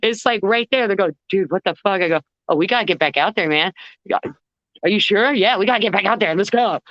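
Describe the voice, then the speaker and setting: A woman guest vocalist telling stories in a casual interview, animated and acting out the people in them. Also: mid-range voice, quick pace, no echo, muffled recording. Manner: animated, acts out voices in anecdotes.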